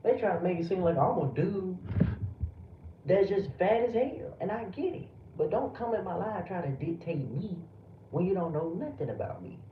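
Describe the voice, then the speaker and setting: A man's voice: sits high, big pitch swings, moderate pace. A man from the United States, a live streamer, ranting heatedly and profanely back at his chat. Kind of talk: livestream rant at chat. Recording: roomy, distant, dull lo-fi audio with background noise.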